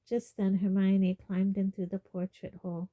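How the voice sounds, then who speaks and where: A woman reading a storybook aloud in calm, even narration. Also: mid-range voice, normal speed, narrow, tinny audio. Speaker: audiobook reader.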